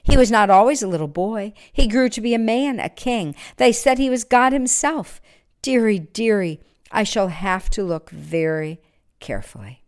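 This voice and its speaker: A woman's voice: medium pitch, expressive, normal speed, pitched above the performer's own voice, lightly acted. A woman doing a wistful old shoemaker. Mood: hopeful. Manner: fond, sighing, gently exclaiming.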